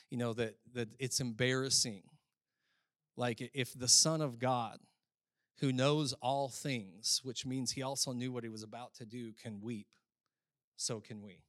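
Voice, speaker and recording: A male pastor preaching a sermon in a conversational way, often saying "like", swinging between loud, emphatic stretches and quiet, reflective ones. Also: medium pitch, no echo, studio quality. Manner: frequent filler "like".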